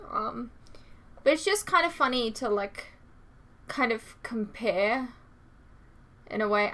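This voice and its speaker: A woman's voice: fairly high pitch, sharp tone. A young woman hosting a reaction channel, chatting casually with many fillers and reading out viewer comments.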